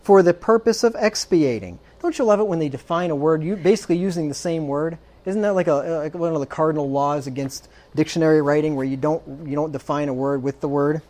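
A man's voice: on the high side, steady tone, fast talker, hardly any pauses, a little mellow. A man preaching a sermon, emphatic, checking in with frequent rhetorical questions and dropping dry, sarcastic asides.

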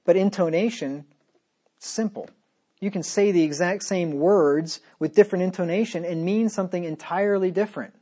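A man delivers a sermon, reading scripture aloud in a firm voice. His talk swings between loud, emphatic points and quiet, sarcastic asides. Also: sits high, moderate pace. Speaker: preacher.

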